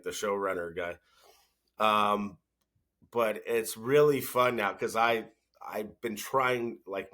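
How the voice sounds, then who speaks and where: Bright-toned dad joking with his co-hosts. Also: on the low side. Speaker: podcast co-host. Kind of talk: casual chat.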